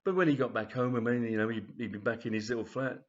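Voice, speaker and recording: A man's voice: medium pitch, quick pace, dull audio. A man telling a comic story in a rambling, chatty way with many fillers. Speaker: author reading his story. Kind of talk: storytelling reading.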